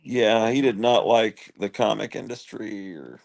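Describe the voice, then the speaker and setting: Gravelly man hosting a casual chat. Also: fairly low pitch. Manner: rambling, halting, many restarts. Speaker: livestream host.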